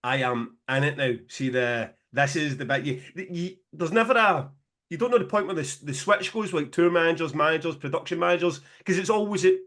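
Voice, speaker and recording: Scottish male co-host, higher register, lively and sweary, laughs a lot. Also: fairly quick. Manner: animated, sweary, laughing storyteller. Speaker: podcast co-host, promoter. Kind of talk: casual podcast chat.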